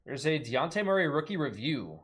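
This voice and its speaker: A man's voice: on the high side, big pitch swings, a little fast, fairly bright tone, husky. A man hosting a live card break, rattling off card names and joking between pulls.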